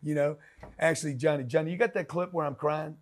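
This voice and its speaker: A man's voice: fairly high pitch, steady tone, quick pace. A man giving a blunt, slangy motivational talk as a business coach, pushing the listener hard.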